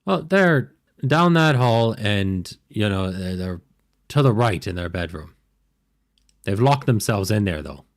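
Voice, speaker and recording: A man's voice: fairly low pitch, expressive, unhurried, no room sound, studio quality. A man narrating as game master of a tabletop game, loose and rambling with hesitant fillers.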